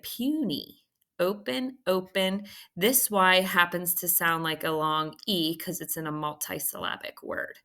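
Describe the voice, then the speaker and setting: A woman teacher walking students through a recorded phonics lesson, patient and checking in often with a quick "okay?". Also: fairly low pitch, pushed and bright.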